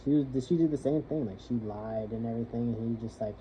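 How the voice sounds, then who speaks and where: A young man in the military venting about his partner and family in a rambling, halting monologue, swearing freely. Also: mid-range voice, warm tone. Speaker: soldier venting. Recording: muffled lo-fi with faint hiss.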